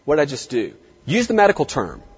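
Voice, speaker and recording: Animated male lecturer in an echoey hall. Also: a little high, quick pace, slightly rough, lo-fi sound. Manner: animated, dramatic swings in tone and pace. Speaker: veterinary lecturer. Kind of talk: lively live lecture to students.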